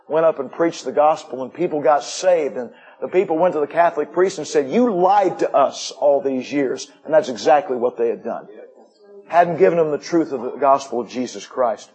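A man's voice: fairly high pitch, darkish tone, breathy edge, rough recording. A middle-aged man giving a missionary report to a church, folksy, with joking asides. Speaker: missionary preacher.

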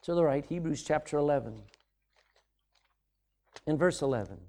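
Animated preaching man, mellow voice. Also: fairly high pitch, normal speed. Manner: preaching with dramatic swings in volume and sudden drops to a hush. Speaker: pastor. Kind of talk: sermon.

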